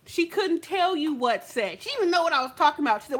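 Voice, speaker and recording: A woman makeup vlogger telling a story in sassy, animated casual chat, talking straight to the viewer. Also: high-pitched, quick pace, hardly any pauses.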